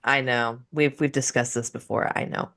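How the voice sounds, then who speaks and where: A woman's voice: extremely low pitch, steady tone, normal speed, gravelly, a bit bright. A woman co-hosting a casual podcast, teasing her friend in a dry way. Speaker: podcast co-host. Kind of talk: casual chat.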